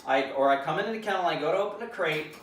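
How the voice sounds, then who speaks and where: A man with a slightly high voice explains dog crate training in a calm, steady teaching manner. He often restarts his sentences and adds fillers as he talks. The mic sits far from him in an echoey kennel room. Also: racing. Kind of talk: instructional demonstration.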